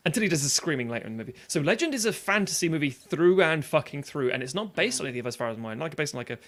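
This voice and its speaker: A man's voice: on the high side, lively intonation, racing. Chatty man hosting a film chat. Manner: chatty, rambling, swears, laughs often. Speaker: podcast co-host. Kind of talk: casual film discussion on a live stream.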